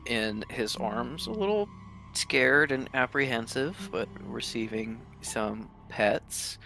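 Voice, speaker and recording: A man narrating as game master of a tabletop game, in a hushed, measured way. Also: lowish voice, gravelly.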